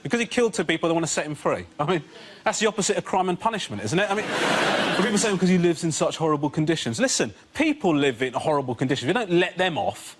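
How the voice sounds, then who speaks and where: A man's voice: high-pitched, sing-song, fast talker, fairly bright tone, a little hiss or hum. A man doing comedy on a panel show, ranting and exasperated. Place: TV studio before a live audience.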